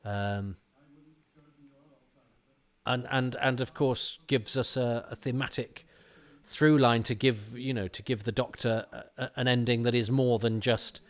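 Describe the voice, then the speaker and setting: A man's voice: mid-range voice, steady tone, unhurried. A man giving casual commentary on an old TV episode, rambling and often restarting his sentences. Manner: rambling and self-interrupting, frequent restarts.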